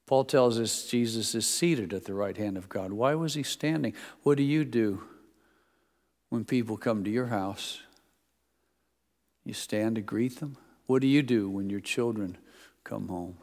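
A man's voice: on the low side, measured pace, darkish tone. A middle-aged male pastor giving a sermon, with folksy stories in a conversational preaching manner. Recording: long reverb of a church hall.

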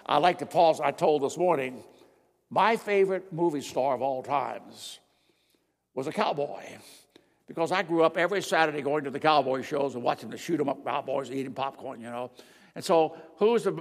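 Older male preacher, raised pitch, emphatic sermon delivery with quiet asides, long hall reverb. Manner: emphatic, swings between loud declarations and quiet asides. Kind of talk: sermon with slides.

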